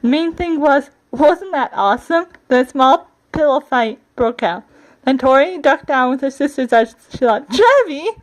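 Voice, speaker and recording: A woman narrates a homemade doll storybook in a casual, stumbling reading style. Her voice sits high, and she often repeats and corrects herself. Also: a little slow, poor audio.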